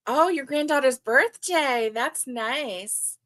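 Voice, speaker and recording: A woman's voice: medium pitch, unhurried. An older woman hosting a casual livestream chat, reading viewer comments aloud and talking with many fillers. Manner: chatty, warm, with many fillers. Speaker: livestream host.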